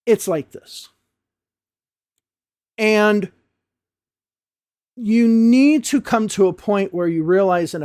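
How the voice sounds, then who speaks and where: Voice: mid-range voice, a little mellow, no echo, clean studio sound. An American English teacher of about fifty, giving an emphatic, passionate lesson straight to camera and swearing bluntly now and then. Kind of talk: direct-to-camera lesson rant.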